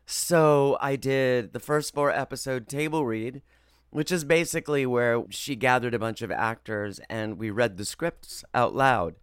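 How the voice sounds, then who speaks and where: A man who works as a voice actor, telling stories in an interview in a lively, expressive way. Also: medium pitch, clear, resonant tone, no room sound, clean studio sound. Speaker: voice actor guest. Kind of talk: animated interview storytelling.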